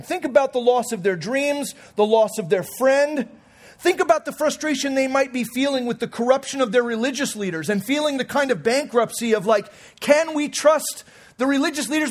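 A man in his forties preaching a sermon as pastor, in a conversational, humorous way with frequent restarts. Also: extremely high pitch. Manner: conversational, humorous, self-correcting.

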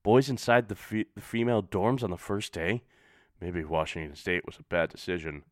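A man's voice: low-pitched, normal speed, no echo, clean studio sound, close to an everyday voice. A man voicing a nervous young woman on her first day of college. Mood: incredulous. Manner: anxious, incredulous.

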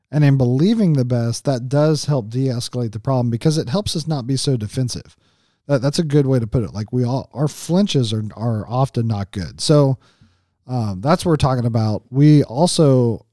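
A man's voice: mid-range voice, warm tone, no room sound, studio quality. A man co-hosting a Christian marriage podcast, teaching in a casual, conversational way with frequent "like" and "right?" and many restarts.

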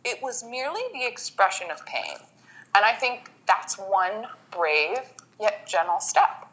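A woman talking as a podcast guest with a bright, forward tone. She tells her story with feeling and slips into acted-out quotes of herself and others. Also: mid-range voice, animated, unhurried, rough recording. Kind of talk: casual interview chat.

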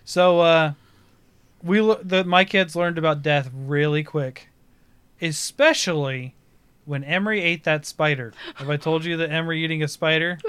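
A man in his thirties, chatting casually and telling a story with animated delivery, often laughing as he talks. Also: fairly high pitch, normal speed, clean tone, no echo. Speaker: podcast co-host, parent.

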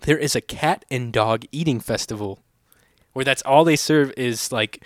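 A man's voice: medium pitch, moderate pace, no echo, clean studio sound. A young man from California telling stories in casual chat and acting out the quotes in a raised voice. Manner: animated storyteller, acts out quotes in a raised voice. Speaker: podcast co-host.

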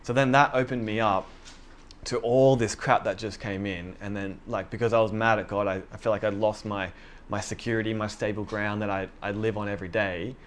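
A man's voice: lowish voice, fairly even intonation, brisk, slight background noise. A young man giving a sermon as a casual story, self-deprecating and chatty, with many fillers and quoted asides to himself. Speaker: preacher.

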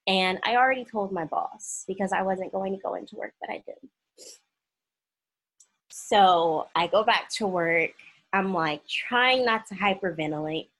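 A young woman shares a personal story in a candid, emotional way. Her voice sits at an ordinary middle pitch, and her pace keeps shifting between quick rushes and slow, careful words. She brings the people she quotes to life with their own voices. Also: fairly bright tone, breathy edge, low-quality recording.

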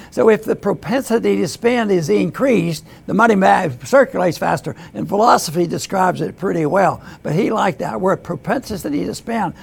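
An older man hosting an economics talk, speaking haltingly with restarts and throat clearing. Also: sits high. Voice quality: gravelly, husky. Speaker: host. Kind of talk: economics commentary.

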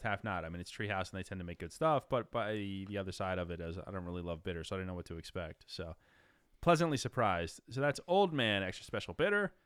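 A deep, slightly bright male voice with a clean tone and no room sound hosts a casual beer-tasting podcast from a room in New Jersey. He rambles and jokes, full of fillers and restarts.

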